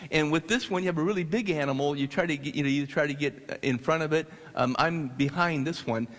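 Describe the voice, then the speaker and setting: A man from the United States telling a story to an audience, animated and halting with restarts. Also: fairly high pitch. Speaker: speaker. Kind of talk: storytelling talk. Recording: long hall reverb.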